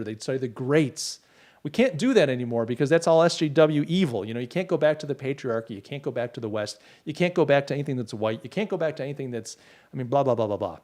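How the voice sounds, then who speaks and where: A man's voice: mid-range voice, darkish tone. Opinionated middle-aged male podcast host. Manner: opinionated, rambling, many restarts. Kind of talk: casual livestream commentary, reading viewer comments.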